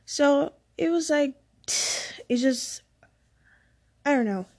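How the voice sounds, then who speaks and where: A woman's voice: high voice, animated, drawn-out words. A young woman from the Dominican Republic telling a personal story in a rambling, casual way that often goes off track. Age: young adult. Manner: rambling, sidetracked, laughs often. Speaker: vlogger.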